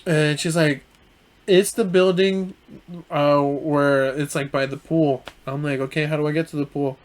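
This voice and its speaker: Young guy on a podcast, slightly high voice, rambly and hesitant, laid back. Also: unhurried. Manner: relaxed, hesitant, many fillers. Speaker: podcast co-host. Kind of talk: casual storytelling chat.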